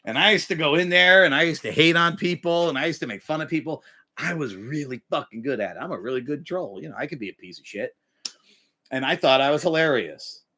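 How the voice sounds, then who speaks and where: A middle-aged man hosting a livestream, giving profane, animated life advice and breaking into yelled impressions. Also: a little high, a little fast. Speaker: livestream host. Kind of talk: profane motivational rant.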